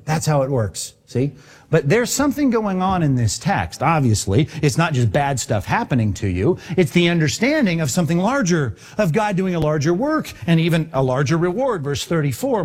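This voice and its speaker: Animated preacher man. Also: on the high side. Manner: animated, acts out quoted voices. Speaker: pastor. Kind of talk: sermon.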